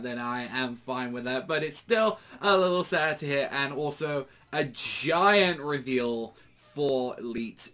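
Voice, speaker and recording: A man casually recapping an anime episode, rambling and excitable, with lots of filler words. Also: mid-range voice. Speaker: anime reviewer.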